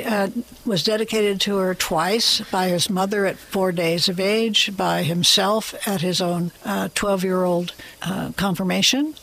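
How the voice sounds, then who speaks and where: Brief: interview guest author, gravelly fry, lively rambling storyteller. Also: mid-range voice, rough recording.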